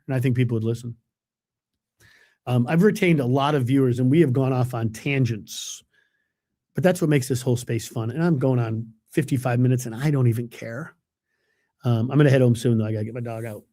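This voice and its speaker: A middle-aged man with a mellow, mid-range voice hosts a live webcast as a TV weatherman. He chats casually, reads out viewers' comments, and rambles on with self-deprecating humor and many fillers.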